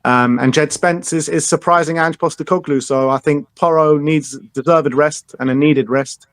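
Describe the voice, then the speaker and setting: A man's voice: fairly high pitch, steady tone, normal speed, fairly bright tone, dry recording. A man calling in to a football fan show, giving his views in a hesitant way and thinking aloud. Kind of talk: casual football chat.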